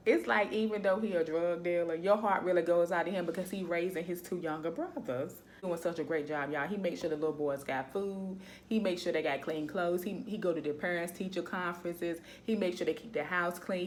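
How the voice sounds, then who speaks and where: A woman vlogger talking about shows in a casual, animated way. She laughs often and keeps addressing her viewers. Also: on the low side, a little hiss or hum. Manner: chatty and animated, laughs often, says "y'all". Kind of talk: casual chat.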